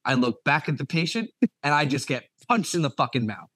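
A young man, a nurse and podcast co-host, telling a profane, animated story in casual talk. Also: on the high side, a little fast, breathy edge, no echo. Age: young adult.

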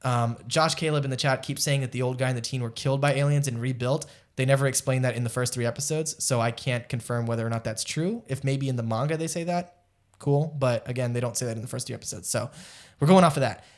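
A man's voice: mid-range voice, fast. A man co-hosting an anime podcast, retelling episodes in casual chat with many fillers and asides. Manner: rambling, lots of fillers and asides, distracted by live chat. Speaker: podcast co-host.

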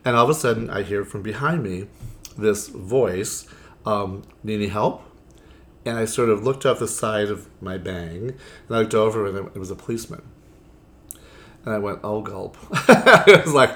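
Expressive and a bit bright, this fairly low male voice runs at normal speed. He's a drag queen recounting stories in a casual interview, theatrical and chatty, sprinkling in "you know" and acting out what others said.

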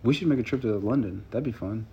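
A man's voice: on the low side, fast talker, a little hiss or hum. A young man co-hosting a podcast in easygoing, rambling casual chat. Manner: easygoing, rambling, laughs along. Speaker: podcast co-host. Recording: dull lo-fi sound.

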